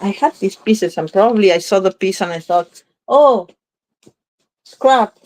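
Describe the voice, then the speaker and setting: A woman's voice: medium pitch, fairly quick, mellow. A woman hosting a card-making video, chatting casually and thinking aloud as she works, often stopping to correct herself. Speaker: craft video host. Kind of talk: casual crafting demo chat.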